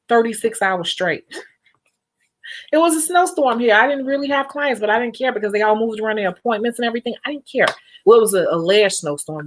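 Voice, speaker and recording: A young woman on her home vlog, talking to her viewers in a loose, chatty way. She moves between animated asides and quick laughs. Her voice sits in an ordinary middle pitch. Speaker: nail technician. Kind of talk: casual vlog chat with viewers.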